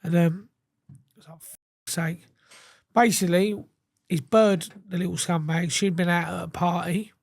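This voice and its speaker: A man's voice: sits high, fairly even intonation, moderate pace, creaky, pauses often, dry recording. A man tells his story as an interview guest, in a casual, blunt and sweary way. He often slips into the voices of the people he quotes. The sound is dry and close, with little room around it. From England.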